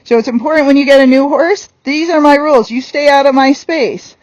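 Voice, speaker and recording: A woman's voice: sits high, brisk, a little mellow, no echo, poor audio. A woman horse trainer giving a hands-on lesson while working a horse on the ground, blunt and firm.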